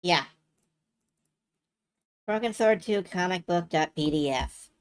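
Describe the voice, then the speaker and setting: Low-voiced woman streamer with chatty, wry commentary for a live stream. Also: takes it slowly. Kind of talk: casual live-stream chat.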